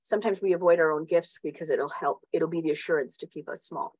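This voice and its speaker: A woman's voice: sits low, quick pace, a little mellow, slightly rough, dry recording, poor audio. A middle-aged woman hosting a motivational talk, chatty, with many restarts and tag questions. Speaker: host.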